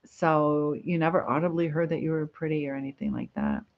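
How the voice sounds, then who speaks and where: Speaking briskly in a deep, sing-song voice, a woman from Michigan, USA, hosts a casual livestream chat. She rambles, laughs a lot, and reads out viewer comments, all through a somewhat dull lo-fi sound.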